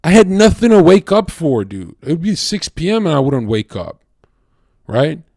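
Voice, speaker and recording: A male livestreamer in a casual monologue. He is blunt, crude and profane, rambling with lots of fillers and swinging between loud bursts and low mutters. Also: very animated, normal speed, gravelly, no room sound, clean studio sound.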